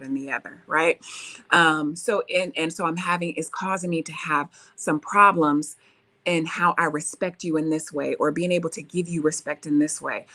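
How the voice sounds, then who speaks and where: A woman's voice: deep voice, fairly bright tone. A woman hosting a relationship advice talk, coaching listeners and reading viewer comments, often checking in with "right?". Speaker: relationship talk show host.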